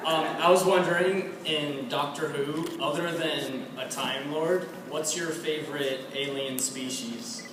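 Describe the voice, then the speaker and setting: A man in the audience quietly and hesitantly asking the panel a question. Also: on the high side, steady tone, measured pace, few pauses. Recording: echoey hall, far mic, noise.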